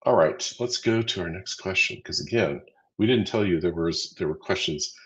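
A man's voice: deep voice, moderate pace, fairly bright tone, poor audio. A man co-hosting a live training stream, chatty and upbeat as he counts down quiz votes and walks through answers. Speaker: livestream co-host running a quiz. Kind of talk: casual livestream teaching.

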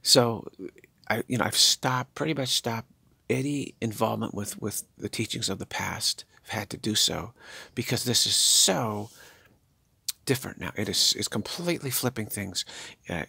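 Gravelly, husky older man musing on spirit. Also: on the low side, bright, forceful tone, dry recording. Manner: halting, repetitive, musing. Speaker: spiritual teacher. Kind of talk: spiritual monologue.

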